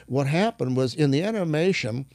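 Gravelly man telling a faith story. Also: fairly high pitch, dry recording. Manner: animated, acts out quoted dialogue; halting restarts while searching for words. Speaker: guest minister. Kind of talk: conversational testimony storytelling.

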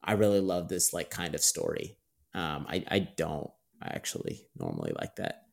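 A man's voice: a bass voice, huge pitch swings, normal speed, creaky. A man co-hosting a podcast, musing and hedging in casual chat about movies. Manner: musing, hedging, with frequent fillers. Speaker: podcast co-host.

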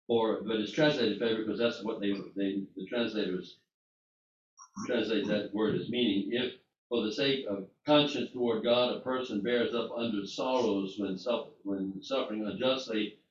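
A man's voice: on the low side, steady tone, unhurried, slight background noise. A man teaching an informal sermon, talking conversationally with many restarts and fillers, recorded from a distance in a room. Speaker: Bible teacher. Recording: distant mic in an echoey room, muffled.

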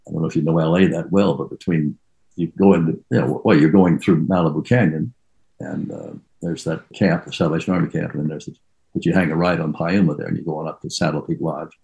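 Older male actor, very low gravelly voice, rambling anecdotal storyteller. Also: steady tone, fast, warm tone, poor audio. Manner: rambling, reminiscing, trails off and restarts. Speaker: actor being interviewed. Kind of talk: casual anecdotal interview.

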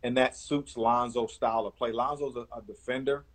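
A man in his forties with a husky, slightly breathy voice talks basketball in a casual interview. He often repeats words as he builds his point, with an animated, storyteller's flow. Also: medium pitch, fairly quick, rough recording. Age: 40s. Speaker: basketball scout and analyst.

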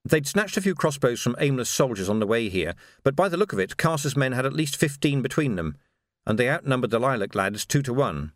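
Measured male audiobook narrator, dry sound. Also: mid-range voice, no room sound. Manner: steady, measured storytelling.

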